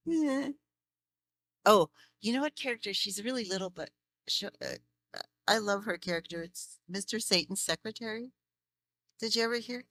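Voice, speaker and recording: A woman voice actress answering fan questions at a convention Q&A, chatty and animated, laughing often as she tells stories. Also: medium pitch, unhurried, pauses often. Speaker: voice actress guest.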